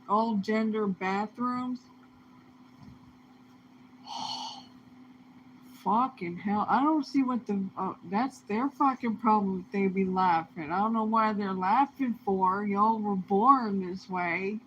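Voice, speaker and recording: Woman venting in a swearing rant, mid-pitched voice, muffled home-recorded sound. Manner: profane, heated, swings between muttering and outbursts. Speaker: vlogger. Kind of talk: angry ranting monologue. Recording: dull lo-fi sound with faint noise.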